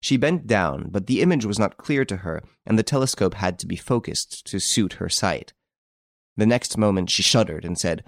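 A man narrating a novel aloud in an expressive, varied storytelling manner. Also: low-pitched, normal speed, vocal fry, no room sound, studio quality. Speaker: audiobook narrator. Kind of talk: scripted narration.

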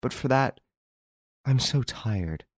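A man's voice: lowish voice, normal speed, a little mellow, dry recording, clean studio sound, lightly acted. Man reading a tired, subdued woman. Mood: weary. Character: weary woman accused of murder, grateful. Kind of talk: audiobook character reading.

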